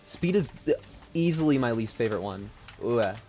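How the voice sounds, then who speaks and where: A man's voice: medium pitch, animated, fairly quick, mellow, soft background music. A man streaming a video game from home, giving rambling, self-deprecating, sweary commentary. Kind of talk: casual gaming commentary.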